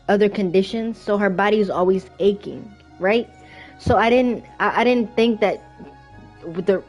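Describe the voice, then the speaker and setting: Casting note: young woman, casual storytime vlogger, rambling and chatty, soft music behind. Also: medium pitch. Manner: chatty, rambling, frequent fillers. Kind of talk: casual storytime while playing a game.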